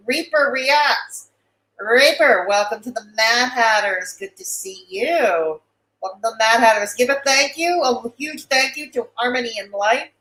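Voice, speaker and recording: A woman's voice: a little high, a bit bright, roomy sound, poor audio. A woman hosting a casual livestream, chatting with viewers and repeating her greetings and thanks. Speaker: livestream host. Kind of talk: casual livestream chat reading viewer comments.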